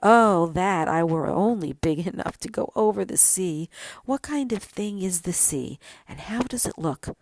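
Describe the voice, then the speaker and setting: A woman's voice: medium pitch, sing-song, measured pace, hardly any pauses, warm tone, slightly rough, no room sound, full character voice. A woman voicing a young fir tree who is restless and yearning, asking eager, pleading questions in a storybook reading. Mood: wistful.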